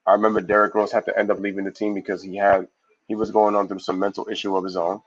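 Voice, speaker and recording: A man hosting a casual live sports stream, reading viewer comments aloud and giving shout-outs in a loose, slangy way. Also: on the low side, fast talker, muffled recording. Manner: loose, slangy, animated opinions.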